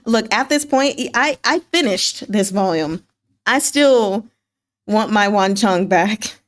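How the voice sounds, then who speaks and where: A woman casually recapping chapters of a novel, animated and laughing often as she acts out the characters' lines. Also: medium pitch, takes it slowly. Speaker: book club host. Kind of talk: casual book recap chat.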